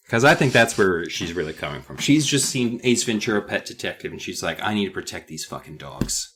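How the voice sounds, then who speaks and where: A man's voice: low voice, animated, fairly quick, hardly any pauses, a bit bright. A man co-hosting a podcast, recapping a book with rambling, joking asides. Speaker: podcast co-host. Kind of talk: casual comedic book recap.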